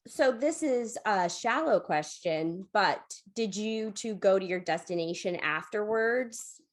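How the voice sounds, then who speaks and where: Woman co-host, mid-pitch, quick follow-up questions, casual podcast. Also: lively intonation. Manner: short interjections and follow-up questions. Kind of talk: casual chat.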